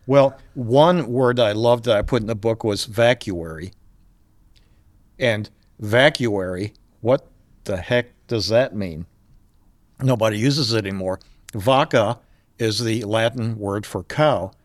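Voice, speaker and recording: A man's voice: fairly low pitch, takes it slowly, dry recording. An older man, a podcast guest, talking casually and telling stories with frequent chuckles. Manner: storytelling, chuckles often. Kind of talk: casual chat.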